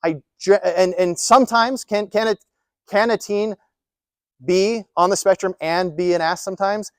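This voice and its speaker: A man with a high voice gives a live talk to a room of caregivers. He is emphatic and keeps asking rhetorical questions and repeating key points. The sound is dry, with little room echo. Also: fairly even intonation, normal speed. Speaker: presenter. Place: presentation room.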